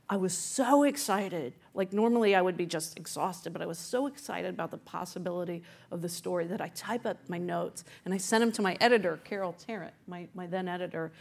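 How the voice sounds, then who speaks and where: A woman author and journalist recounting how she found a story, chatty and animated, with many fillers. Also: mid-range voice. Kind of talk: conversational storytelling interview.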